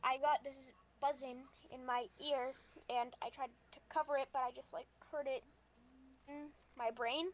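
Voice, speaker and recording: A woman voicing an earnest, shaken young female vampire in a tabletop game, talking in halting, stammering restarts. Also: high-pitched, fairly even intonation, slight background noise, natural voice.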